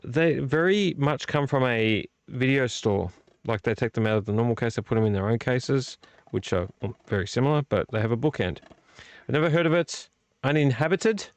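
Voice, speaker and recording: His mid-range voice moves at normal speed with no echo. He's a live vlog host who chats eagerly and casually with his audience, wandering off on tangents, cussing freely and speaking straight to the chat.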